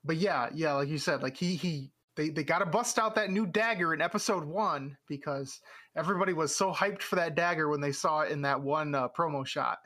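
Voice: medium pitch, brisk, fairly bright tone. A podcast co-host casually recapping a show in easygoing, chatty talk. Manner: easygoing and chatty, with frequent fillers like "like".

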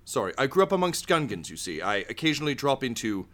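A man's voice: mid-range voice, very animated, fast, fairly bright tone. A man voicing a prim male alien chef who is flustered and overly polite.

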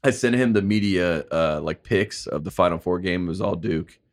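Man, very low pitch, dry close mic, sports radio co-host losing his voice, easygoing and quick to laugh. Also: dry recording. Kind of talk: casual sports talk.

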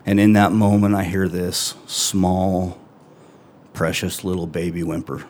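A middle-aged man telling a true first-person story on stage, earnest and halting, with long pauses between phrases. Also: low voice, flat delivery, a little mellow, a little hiss or hum.

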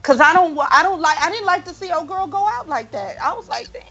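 A woman co-hosting a podcast, telling a story in an animated, profane, dramatic way. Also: very high voice, fast talker, dull audio, music in the background. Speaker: podcast co-host. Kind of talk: casual storytelling chat.

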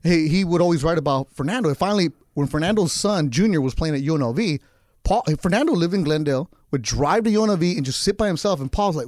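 Fast-talking man in sports radio chat. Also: a little high, no echo, studio quality. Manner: fast, animated storyteller. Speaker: guest. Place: radio studio.

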